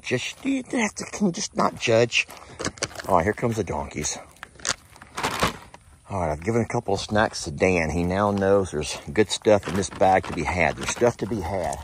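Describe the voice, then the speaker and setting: A man's voice: low-pitched, background noise. A man narrating a casual vlog outdoors in a pasture, folksy and chatty, talking to his animals as he goes. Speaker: animal sanctuary owner.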